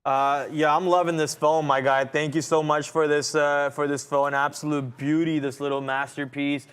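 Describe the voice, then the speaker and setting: A man with a notably high voice narrates his trades live on a day-trading broadcast. He keeps a slangy, upbeat play-by-play going as prices move. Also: little pitch movement, moderate pace, fairly bright tone, clean tone.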